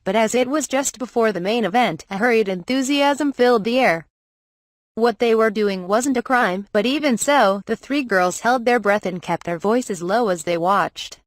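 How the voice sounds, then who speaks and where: A woman narrating a light novel audiobook, reading the story and its dialogue in an even, measured way. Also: medium pitch, no room sound, studio quality. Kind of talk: scripted narration with character dialogue.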